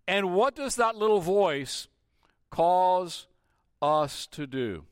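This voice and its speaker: A man's voice: high voice, animated, takes it slowly, smooth, no room sound, clean studio sound. A man preaching a sermon as pastor, often asking the congregation questions and restarting his phrases. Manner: asks the congregation rhetorical questions; restarts phrases and repeats himself.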